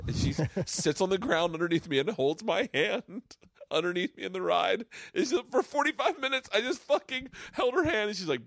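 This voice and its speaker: A man hosting a podcast, telling a story with excitement, swearing often and acting out the people in it. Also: sits high, fairly quick, vocal fry, no room sound, clean studio sound. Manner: excitable, swears a lot, acts out voices in stories. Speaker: podcast host. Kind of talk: casual chat, animated storytelling. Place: home man cave studio.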